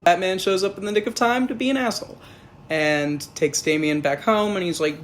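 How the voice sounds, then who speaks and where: A man's voice: sits high, a little fast, a bit bright. A man casually reviewing a film in a rambling, profane, sarcastic way.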